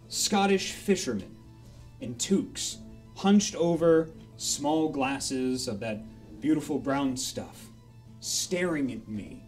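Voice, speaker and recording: A man telling a rambling, animated story live on a charity stream in a casual way. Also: on the high side.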